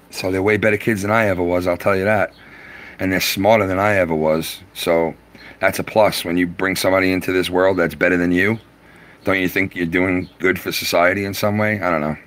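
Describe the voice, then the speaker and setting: A man's voice: low-pitched, fairly bright tone. A middle-aged man chatting on a live stream, swearing freely and rambling through stories from his youth. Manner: profane, rambling storyteller. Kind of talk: casual live-stream chat.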